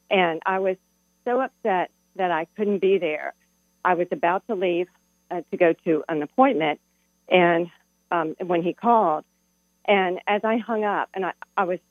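A woman's voice: fairly low pitch, dry recording. A middle-aged woman calling in to a radio show, telling a heartfelt personal story. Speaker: caller. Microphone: telephone. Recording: tinny phone line with hum.

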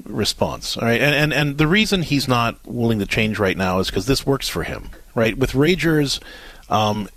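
A man's voice: mid-range voice, animated, moderate pace, a bit bright, no room sound. A man hosting an advice show, talking casually and animatedly, often restarting his sentences and acting out quoted lines. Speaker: radio show host giving advice.

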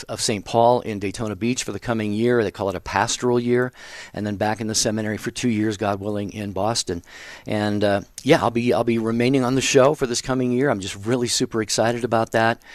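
A man's voice: on the low side, dry recording. Earnest man co-hosting a talk show. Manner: earnest, with many "you know" fillers. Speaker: co-host. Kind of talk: casual radio talk show.

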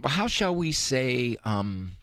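Male radio host, joking, teasing, lively pitch, dry studio voice. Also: takes it slowly, no echo. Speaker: radio host, advice doctor. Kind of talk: radio call-in advice show.

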